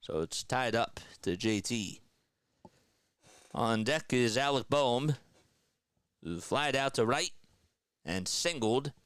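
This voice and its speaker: A man doing live baseball play-by-play for a stream, trading energetic banter with viewers between pitches. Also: takes it slowly, pauses often, clean tone, no room sound.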